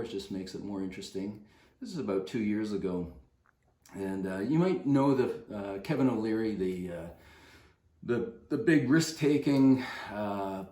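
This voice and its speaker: Rambling, lower-voiced man telling stories. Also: echoey room. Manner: rambling, animated anecdote telling with many fillers. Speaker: fitness coach. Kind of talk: casual storytelling to camera.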